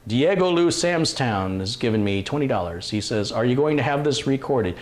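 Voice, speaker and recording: A man's voice: mid-range voice, expressive, normal speed. A man hosting a live stream, chatting casually, joking and reading viewer comments aloud. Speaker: livestream host. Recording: roomy echo, faint room noise.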